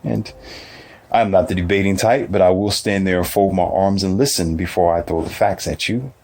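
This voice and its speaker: A man's voice: low voice, moderate pace, darkish tone. A man giving a casual, preachy motivational monologue, full of rhetorical questions.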